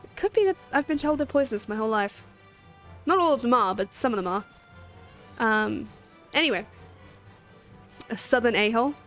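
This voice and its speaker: A young Australian woman chatting on a game stream, rambling from one thought to the next and swearing casually. Her voice sits a little high, with frequent laughter in her talk. Faint game music plays in the background. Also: animated, normal speed, pauses often, fairly bright tone. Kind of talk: casual gaming stream chat.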